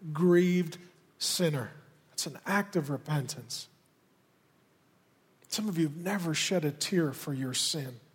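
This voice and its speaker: A man preaching a sermon as pastor, talking directly and conversationally to the congregation with pointed asides. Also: fairly high pitch. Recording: reverberant hall.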